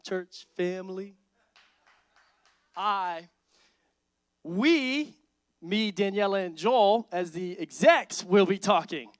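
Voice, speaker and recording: A man preaching a sermon as lead pastor, energetic and emphatic, repeating lines and building intensity. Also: sits high, takes it slowly, pauses often, clear, resonant tone, dry recording, clean studio sound. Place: church sanctuary.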